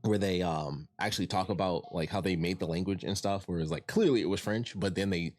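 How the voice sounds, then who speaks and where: Young man, from Detroit, low voice, casual rambling review, faint music underneath. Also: fairly quick, a little mellow. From Detroit, USA. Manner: rambling, repeats words and restarts, many fillers. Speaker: TV show reviewer.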